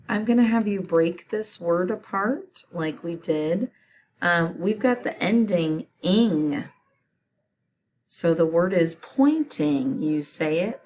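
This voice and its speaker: A woman teacher leads a spelling lesson at a very slow, deliberate pace. She sounds out each word letter by letter in a slightly low voice. A faint background hiss sits under her speech. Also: darkish tone.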